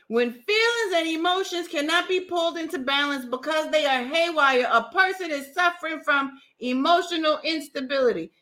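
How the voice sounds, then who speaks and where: Animated, mocking woman podcast host. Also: extremely high pitch. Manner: mocking, animated, laughs at her own jokes. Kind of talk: sarcastic commentary on a book.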